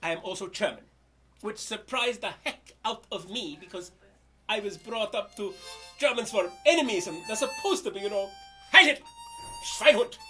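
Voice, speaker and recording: A man from the United States performing a spoken-word story poem, loud and expressive in his telling. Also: high-pitched, normal speed, soft background music. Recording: loud background noise.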